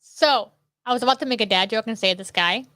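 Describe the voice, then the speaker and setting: A young woman in casual podcast chat with a high, bright voice. She tells stories quickly and animatedly, mimicking the people in them, and the recording is dry and close. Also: dry recording. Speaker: podcast co-host.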